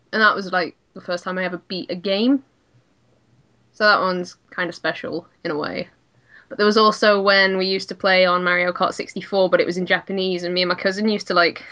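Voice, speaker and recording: A woman co-hosting a gaming podcast, reminiscing in relaxed casual chat. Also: on the low side. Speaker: podcast co-host. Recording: slightly dull lo-fi sound.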